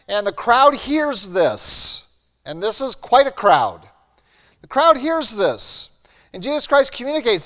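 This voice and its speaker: A man preaching a sermon as pastor, earnest and building to animated emphasis. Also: very high-pitched, unhurried. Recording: long hall reverb.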